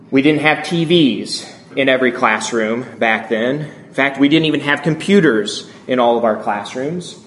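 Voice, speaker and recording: A man in his thirties delivers a storytelling sermon in a slow, measured voice that often drops to a hush. He pauses at length between phrases. His voice sits at a middling pitch, with a faint ambient hum behind it. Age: 30s. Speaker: speaker addressing a congregation.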